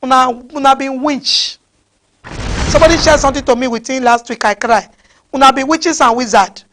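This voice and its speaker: A woman's voice: high-pitched, brisk, background noise. A woman with a Nigerian accent preaching a fiery sermon, scolding her listeners with repeated rhetorical questions.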